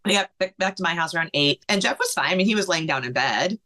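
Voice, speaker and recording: Woman, podcast guest, low voice, tense edge, emotional personal story, many fillers. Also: expressive, sharp tone. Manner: emotional, fast-flowing retelling with many fillers.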